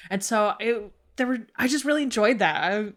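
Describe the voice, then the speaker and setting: A woman's voice: on the high side, moderate pace. A young woman co-hosting a podcast, chatting casually about books, with frequent laughter, lots of "like" and some swearing. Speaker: podcast co-host. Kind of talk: casual book chat.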